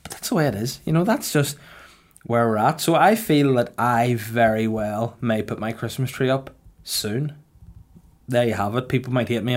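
Deadpan man, podcast host. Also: medium pitch. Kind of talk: casual podcast chat.

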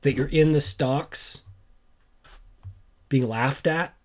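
A man's voice: mid-range voice, slow pace. A man hosting a casual solo podcast, rambling and joking at his own expense, with lots of fillers and asides. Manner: rambling, joking, self-deprecating; frequent fillers and trailing asides. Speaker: podcast host.

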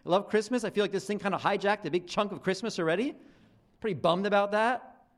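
A man's voice: sits high, fast talker. A young man preaching a casual, conversational sermon to his church, talking loosely with frequent restarts and fillers. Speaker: pastor.

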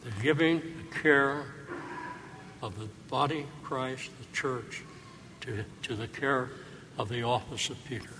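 Delivering a sermon, a priest speaks to his congregation slowly in a medium-pitched, middle-range voice, with a little hiss or hum present. His voice echoes in a long church reverb above faint ambience, and his earnest, reflective style relies on rhetorical questions.

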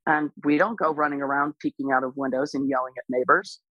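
A woman dog trainer speaking as an interview guest, explaining patiently and calmly, with lively bursts when she imitates other people. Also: a bass voice, fast, dry recording, highs cut off. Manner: calm, explains patiently, animated when imitating excited owners. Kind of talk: casual explanatory interview talk.

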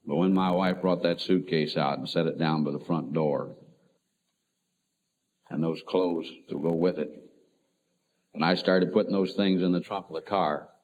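A middle-aged man, a pastor, telling an emotional personal story in a sermon, swinging between loud and soft. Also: deep voice, steady tone, normal speed, pauses often, a little hiss or hum. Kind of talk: sermon testimony. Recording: tinny phone-like lo-fi recording.

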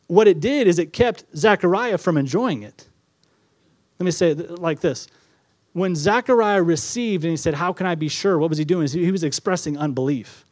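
Preaching male pastor, higher voice, dry. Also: lively intonation, moderate pace, no room sound. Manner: preaching with repetition, rising to emphatic then dropping soft. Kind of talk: sermon.

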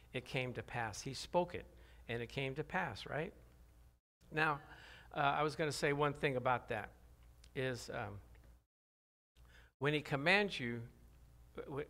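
A man preaching a sermon. He talks animatedly, drops his voice low for scripture, rises to loud cries, and calls out questions to the congregation. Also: vocal fry. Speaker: pastor.

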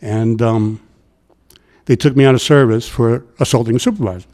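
A retired transit worker in middle age tells stories during a laid-back interview, speaking at normal speed with a mid-range voice. He brings the quotes to life by acting them out with animation.

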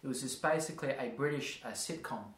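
Talking fast at a medium pitch, this man hosts a podcast full of casual chat. He rambles, laughs frequently, and uses playful voices to illustrate examples, all with a roomy echo.

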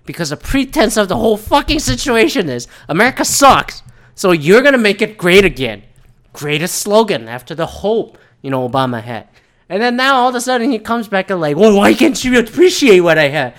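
Man with a slightly higher voice; loose, profane, rambling rant delivery. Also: big pitch swings, fairly quick, fairly bright tone. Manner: mimics others in quoted asides. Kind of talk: casual rant on current events.

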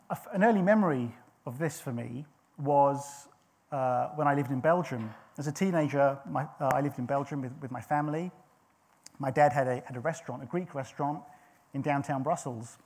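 A man's voice: mid-range voice, darkish tone, husky. A middle-aged man preaching a sermon, telling a personal story in an earnest way with frequent restarts.

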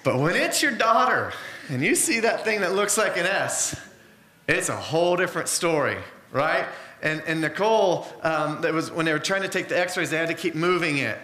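Guy preaching a sermon, high bright voice, roomy echo, earnest and chatty. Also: expressive, moderate pace. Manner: earnest, conversational, with personal stories.

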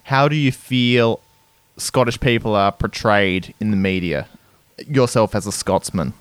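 A man hosting a comedy podcast, playing a deadpan, mock-serious interviewer. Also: lowish voice, a little slow, smooth, no echo. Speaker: podcast host. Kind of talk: casual comedy chat.

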